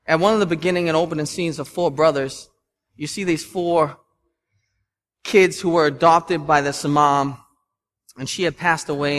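A pastor in his thirties preaching in a church, his voice sitting a touch high for a man. He talks with earnest emphasis, moving between gentle, quiet appeals and loud, driving bursts. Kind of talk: sermon. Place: church sanctuary.

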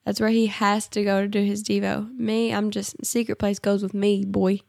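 A woman's voice: mid-range voice, little pitch movement, normal speed, vocal fry, darkish tone, dry recording, studio quality. A woman co-hosting a casual devotional podcast at home, chatty and playful, her voice congested from allergies. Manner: playful, chatty, Southern-tinged banter. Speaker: podcast co-host.

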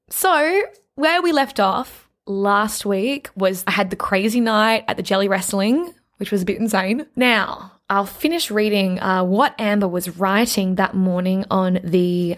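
A woman vlogging to camera from a craft room, chatting in a bubbly, gushing way with playful asides. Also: medium pitch. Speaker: vlogger and podcast host. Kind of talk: casual chat to camera. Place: her mother's craft room, indoors.

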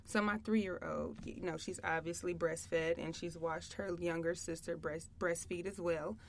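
Chatty woman with a gravelly edge. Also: fairly low pitch, steady tone, measured pace, a little hiss or hum. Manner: chatty, laughs often. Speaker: podcast co-host. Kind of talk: casual chat.

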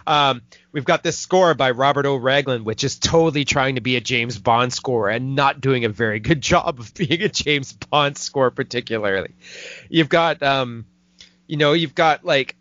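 A man hosting a podcast, talking casually and with some swearing as he retells a movie, slipping into quick mocking voices. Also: mid-range voice, fairly bright tone, dry recording. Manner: loose and profane, drops quick mocking impressions into his retelling. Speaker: podcast host reviewing a movie. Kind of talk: casual chat. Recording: dull, dry lo-fi podcast audio.

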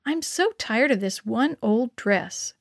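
A woman's voice: a little high, animated, slow pace, creaky, no room sound, studio quality, heavily acted. A woman voicing an earnest, pleading young schoolgirl from a poor family in a children's story.

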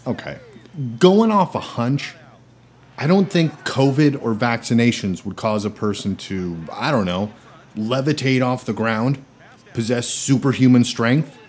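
A man acting in a comedy sketch, with a dry, exasperated deadpan delivery. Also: medium pitch, measured pace, slight background noise. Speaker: comedy podcast host.

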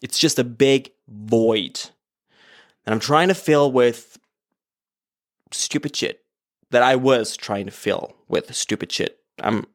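A man hosting his own podcast alone at home, talking candidly and rambling, with many fillers and frequent swearing. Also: medium pitch. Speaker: podcast host. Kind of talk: casual solo podcast monologue. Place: home, apartment. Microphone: podcast microphone on an iPad.

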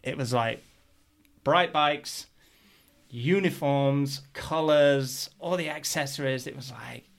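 A middle-aged man, chatting as a guest on a podcast. He tells stories with lively energy and acts out what people said. His voice sits at an ordinary, mid-range pitch. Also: takes it slowly, gravelly. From England. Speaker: guest, pro BMX rider. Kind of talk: casual storytelling.

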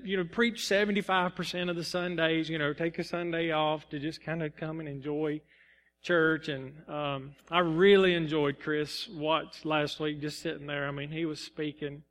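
A man, preaching a sermon as pastor of the church, earnest and halting, full of fillers and restarts. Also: on the high side, a bit bright, long reverb tail. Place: church sanctuary.

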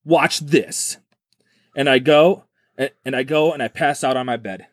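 A man's voice: mid-range voice, brisk, no room sound, clean studio sound. A man hosting a podcast, retelling a strange story in casual, joking chat and acting out the quotes. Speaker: podcast host.

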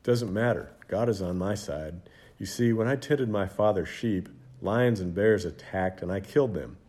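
A man's voice: on the low side, moderate pace, darkish tone, natural voice. A man voicing a brave young shepherd boy who speaks with earnest, defiant confidence in a children's Bible storybook. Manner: earnest, bold, indignant. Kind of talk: storybook character voice.

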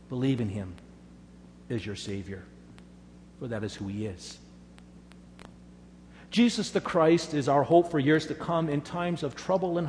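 A man's voice: medium pitch, a little mellow, long reverb tail, a little hiss or hum. A man preaching a sermon, telling stories earnestly and making emphatic assurances to his congregation. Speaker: pastor.

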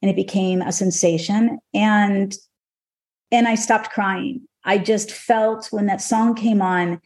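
A woman's voice: mid-range voice, takes it slowly. Middle-aged woman horse trainer, telling a story, gets worked up, lots of restarts. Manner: emotional, animated storytelling with restarts. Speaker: horse trainer and podcast guest. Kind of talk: personal storytelling on a podcast.

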